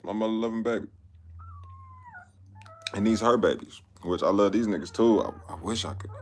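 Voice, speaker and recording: Deep-voiced laid-back man vlogging. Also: normal speed, slight background noise. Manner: laid-back, rambling, slangy, repeats himself. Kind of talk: casual chat.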